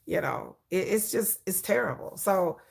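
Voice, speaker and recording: A woman hosting a casual livestream, animated and opinionated, often breaking into laughter. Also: on the low side, unhurried, vocal fry. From United States. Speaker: livestream host.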